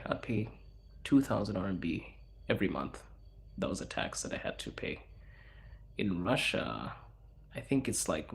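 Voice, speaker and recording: A man from Zimbabwe hosting a casual livestream, chatting loosely with viewers and answering their questions in a relaxed, slangy, rambling way. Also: lowish voice, creaky. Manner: relaxed, slangy, rambling with fillers and self-corrections. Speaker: livestream host.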